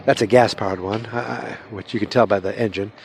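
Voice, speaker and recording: A man's voice: lowish voice, steady tone, brisk, gravelly, a little mellow, slight background noise. A man hosting a podcast, casually recapping a TV episode outdoors, rambling with lots of fillers and restarts. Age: adult, with a father-in-law. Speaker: podcast host. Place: outdoors, with passing vehicles.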